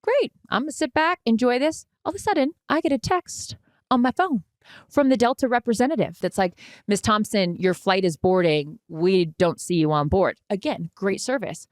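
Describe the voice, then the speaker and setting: A woman's voice: medium pitch, moderate pace, no room sound. Woman podcast co-host, forties, dramatic storyteller, dry close sound. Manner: animated, dramatic retelling with swearing. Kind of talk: casual storytelling chat.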